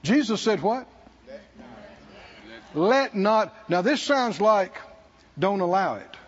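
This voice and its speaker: A man preaching a sermon as pastor, calling for responses from the congregation and rising to shouts. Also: high voice, very animated, slow, slightly rough. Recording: dull lo-fi sermon recording.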